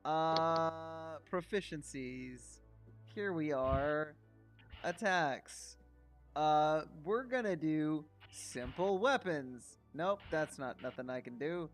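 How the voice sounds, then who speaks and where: A man's voice: on the high side, lively intonation, slow, faint music behind. A man running a tabletop game as game master, narrating casually with plenty of swearing. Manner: casual, swearing, laughing often.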